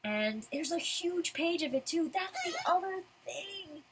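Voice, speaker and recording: A woman's voice: very high voice, expressive, unhurried, a bit bright, slight background noise, rough recording. A woman giving casual commentary as a manga reviewer, ranting in frustration.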